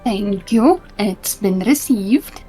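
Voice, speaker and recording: Woman on a stream chat, talks real slow, laughs along, faint music. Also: medium pitch, lively intonation, warm tone. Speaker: stream co-host. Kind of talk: casual live-stream chat.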